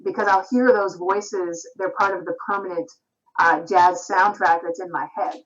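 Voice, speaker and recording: Over slightly dull Skype audio, a Vancouver-born Canadian singer-songwriter is interviewed by video call. Her voice is fairly low and steady at a moderate pace, and she reflects thoughtfully, frequently restarting her sentences.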